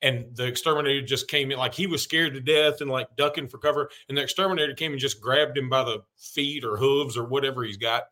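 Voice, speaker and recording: A man's voice: medium pitch, steady tone, fast, few pauses, sharp tone. Joking, rambling male podcast host. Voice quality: slightly muffled from a mint. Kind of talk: casual sports chat.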